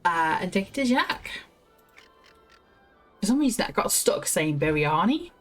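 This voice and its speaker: A woman's voice: medium pitch, very animated, unhurried, soft background music. A woman streaming a game, chatting casually and reading quest dialogue aloud with self-mocking asides. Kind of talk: casual gameplay commentary.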